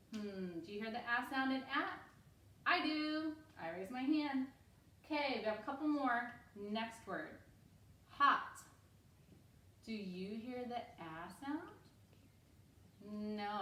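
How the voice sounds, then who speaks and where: Woman, early-reading teacher at home, encouraging and clear, distant mic, roomy echo, light background hiss. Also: medium pitch, sharp tone. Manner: upbeat, encouraging, slow and clear for kids. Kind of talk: reading lesson for young children.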